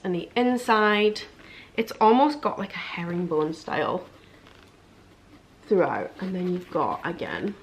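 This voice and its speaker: A young woman with a British accent, chatting excitedly through an unboxing vlog, gushing and filling her talk with "like". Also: medium pitch. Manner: gushing, chatty, many fillers like "like". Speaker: beauty and lifestyle vlogger.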